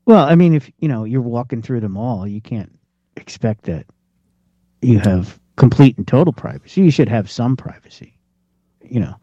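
A man's voice: medium pitch, animated, moderate pace, dark tone, dry recording, dull audio. A man co-hosting a talk radio show, chatting plainly and chiming in with short agreements. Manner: brief agreeing interjections, plain-spoken. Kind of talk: casual talk radio chat.

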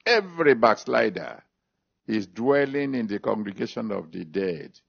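A man's voice: very animated, vocal fry, breathy edge. A man preaching a sermon, reading scripture, then making an altar call and praying. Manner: emphatic preaching with big pitch swings, slow drawn-out phrases. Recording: dull lo-fi recording.

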